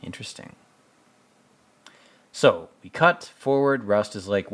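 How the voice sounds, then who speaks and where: A man's voice: fairly low pitch, animated, takes it slowly. A man giving casual commentary on a TV episode, sarcastic, profane and rambling. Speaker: show commentator.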